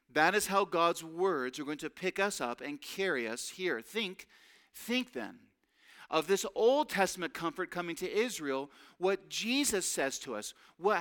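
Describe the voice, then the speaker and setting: A man's voice: sits high, pushed and bright. A man preaching a sermon, earnest and emphatic, drawing out key phrases.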